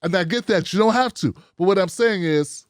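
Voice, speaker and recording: A man hosting a commentary show, giving a blunt, animated opinion monologue full of rhetorical questions. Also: sits high, a little fast, no echo, clean studio sound.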